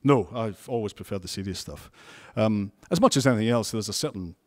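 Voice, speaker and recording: Scottish newsman with a lowish voice. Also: brisk, a little mellow. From Scotland. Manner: chatty, frequent restarts and wry asides. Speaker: television news presenter and reporter. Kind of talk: relaxed interview answers.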